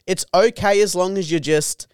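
A man's voice: sits high, moderate pace, a little mellow, smooth, no room sound, clean studio sound. A young Australian man co-hosting a podcast in laid-back, crude chat, swearing a lot and calling his co-host dude.

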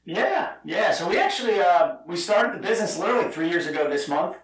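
A man's voice: high-pitched, expressive, brisk, echoey room, distant mic, low-quality recording. A middle-aged man from New Jersey, a guest telling his story in a chatty, rambling way full of fillers. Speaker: guest, bourbon company founder. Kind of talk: casual storytelling.

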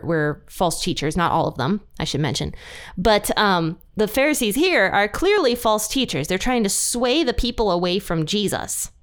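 A young woman hosting a podcast, teaching a Bible passage in a chatty, animated way. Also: medium pitch, clear, resonant tone. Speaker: podcast host. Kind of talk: casual Bible study teaching.

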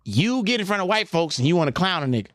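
A man doing an impression of a loud, scolding middle-aged studio boss who cusses and yells high and fast. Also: very animated, no echo. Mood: accusing. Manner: yelling, cussing, high and fast.

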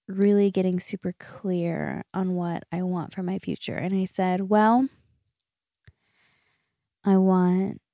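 A woman's voice: lowish voice, creaky, dark tone, no echo, studio quality. A woman, hosting a solo podcast in casual chat. She gushes, laughs often and swears freely. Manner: chatty, gushing, laughs often. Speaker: podcast host.

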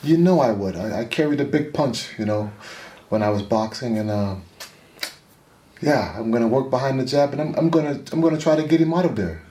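A man doing an impression of a famous retired heavyweight boxer, giving slow, measured advice. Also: mid-range voice, expressive, warm tone, close to an everyday voice. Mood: calm advice. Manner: measured, advising, slow repeated phrases. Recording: echoey room with faint noise.

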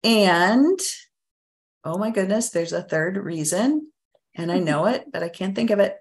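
A woman's voice: medium pitch, lively intonation, a little slow. A woman guest, a parent coach, explaining her ideas in an earnest, teacherly way in a casual interview.

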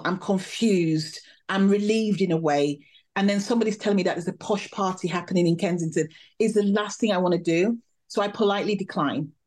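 Woman, podcast guest, vivid storytelling, medium pitch. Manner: animated, vivid storytelling with laughs. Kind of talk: storytelling interview.

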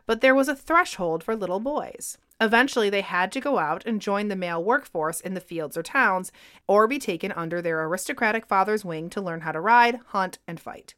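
Brief: a woman podcast co-host, mid pitch, reading scripted history narration clearly. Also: lively intonation, a little fast, a bit bright.

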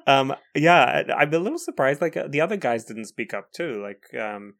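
A woman's voice: a bass voice, very animated, normal speed. A woman co-hosting a podcast in casual chat, teasing and chatty, with many fillers. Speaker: podcast co-host.

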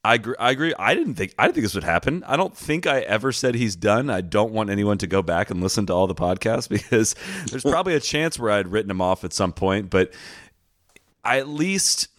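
A man with a lowish voice hosts a casual podcast chat, talking in quick bursts and laughing easily. The sound is close and dry, with no room around it. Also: lively intonation, fairly bright tone, no echo. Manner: chatty, laughs often, talks in quick bursts. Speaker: podcast host.

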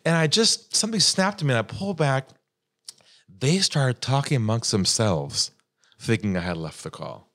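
A man telling a sales story as a podcast guest, dramatic and lively, acting out the voices of the people in it. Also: mid-range voice, normal speed. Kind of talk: animated storytelling.

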